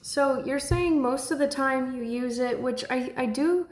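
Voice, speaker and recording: Young woman in her twenties hosting a chatty stream, unhurried delivery, slightly high voice, echoey room. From Texas. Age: 20s. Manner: chatty, laughs often, breaks into excited shouts. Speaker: livestream host. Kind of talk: casual livestream chat.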